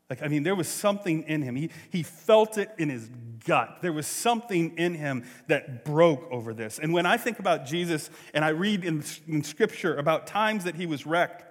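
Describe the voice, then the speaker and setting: A man giving a chapel sermon, telling stories and dropping soft and low on key phrases. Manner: storytelling, drops soft and low on key phrases, rises loud for quotes. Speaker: chapel speaker. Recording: long hall reverb.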